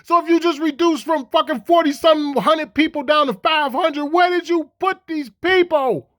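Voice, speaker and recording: Heated high-voiced man ranting. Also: normal speed, a bit bright. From Chicago. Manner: heated, mocking, rhetorical questions. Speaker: commentator reacting to clips. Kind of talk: profane ranting commentary.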